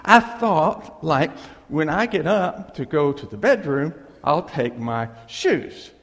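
A man telling a funny personal story to a live audience, animated and self-deprecating, dragging out his punchlines. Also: fairly high pitch, slow. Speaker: speaker addressing a live audience. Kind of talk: humorous personal storytelling talk. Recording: long reverb of a large hall.

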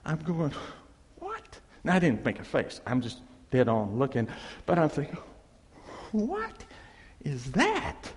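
A man telling a funny personal story to a live audience, animated and self-deprecating, dragging out his punchlines. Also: mid-range voice, a little fast. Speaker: speaker addressing a live audience. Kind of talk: humorous personal storytelling talk. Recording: long reverb of a large hall.

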